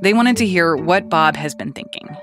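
Calm male podcast narrator over music. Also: fairly high pitch. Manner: calm, measured storytelling. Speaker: podcast host. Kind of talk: scripted narration.

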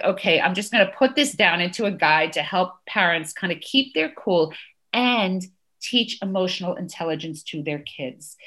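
A woman's voice: medium pitch, a bit bright. A woman in her thirties, a parenting educator, explaining in an interview and often checking in with "right?". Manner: earnest, often adds "right?" to points.

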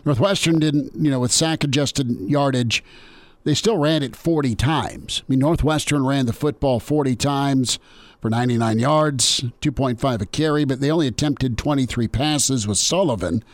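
A man's voice: medium pitch, normal speed, no echo. A man hosting a sports radio show, talking casually and repeating words as he restarts. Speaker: radio host.

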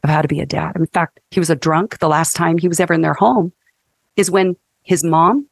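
A woman in her fifties, a counselor and guest, talking in an animated, emphatic teaching way on a faith-based podcast. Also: low-pitched, a little fast, creaky, no room sound.

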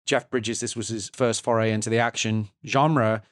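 A man's voice: fairly low pitch, fairly even intonation, normal speed, dry recording, clean studio sound. A man co-hosting a film podcast, talking analytically with frequent restarts and fillers. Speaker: podcast co-host. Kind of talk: casual film-review chat.

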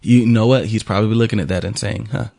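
A man's voice: lowish voice, fast, vocal fry, warm tone, no echo, clean studio sound. A man co-hosting a radio show, chatting casually with lots of ums and laughs. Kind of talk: casual banter.

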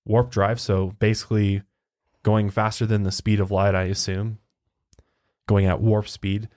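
A man's voice: fairly low pitch, level tone, unhurried, a little mellow. A man co-hosting a podcast, talking in a loose, rambling way and swearing casually. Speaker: podcast co-host.

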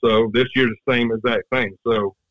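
A man's voice: mid-range voice, fairly even intonation, normal speed, fairly bright tone. A man, telling a hunting story in a casual, rambling way, with lots of fillers and restarts. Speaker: guest. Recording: dull lo-fi sound.

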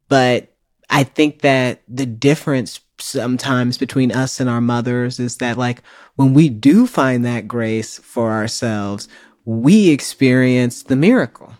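A woman guest in a reflective conversation, speaking in a measured, thoughtful way. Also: rumbling low, no room sound. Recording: dry close mic.

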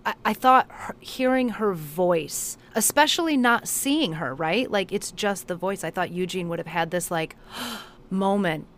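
A woman co-hosting a casual podcast, talking haltingly and firing off questions about a TV episode. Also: mid-range voice, expressive, a little hiss or hum. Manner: halting, restarts, many questions. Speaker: podcast co-host. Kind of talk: casual chat recapping a TV episode.

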